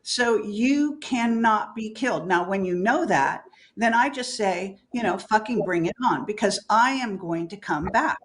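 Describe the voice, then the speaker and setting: A woman's voice: medium pitch, expressive, a little slow, few pauses. Older woman interview guest, emphatic, profane, laughs easily. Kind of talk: candid spiritual interview talk.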